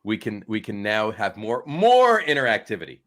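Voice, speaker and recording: A man's voice: fairly low pitch, sing-song, moderate pace, fairly bright tone. A man hosting a casual sports podcast over a remote call, upbeat and laughing often. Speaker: podcast host. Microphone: remote call setup.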